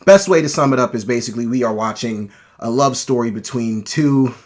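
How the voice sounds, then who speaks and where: A man's voice: medium pitch, a little fast. A man giving a casual, enthusiastic movie review, talking loosely with frequent restarts and self-corrections.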